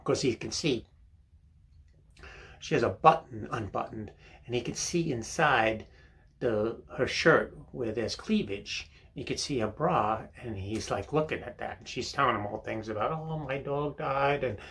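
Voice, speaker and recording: A man's voice: mid-range voice, a little slow, fairly bright tone. An older man hosting a rambling comic monologue while seated on a toilet in a bathroom, full of fillers and "right?". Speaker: comedy monologue host.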